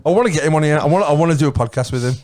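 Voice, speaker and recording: A man's voice: fairly high pitch, rapid-fire, darkish tone. Blunt, sweary podcast co-host man. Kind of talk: casual chat.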